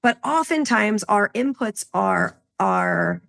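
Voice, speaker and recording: A woman's voice: fairly high pitch, wildly swooping pitch, slow pace, gravelly, fairly bright tone. A woman co-hosting a podcast, talking casually as a health coach and explaining with client examples.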